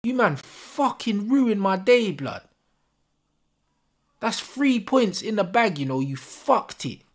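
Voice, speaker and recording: Slow and high, with big swings in pitch, this man is a football fan channel host reacting live to a match. Furious and full of slang, he curses constantly.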